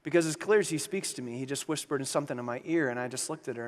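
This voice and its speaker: A man speaking at a youth conference, telling stories in an animated sermon, acting out quotes and laughing with the crowd. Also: mid-range voice, very fast. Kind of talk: energetic storytelling sermon. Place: large conference hall. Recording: long hall reverb, faint noise.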